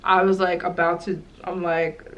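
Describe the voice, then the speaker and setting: Chatty young woman, lowish voice. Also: normal speed, muffled recording. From United States. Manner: rambling, animated, many fillers and asides. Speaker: travel vlogger. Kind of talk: casual storytelling to camera.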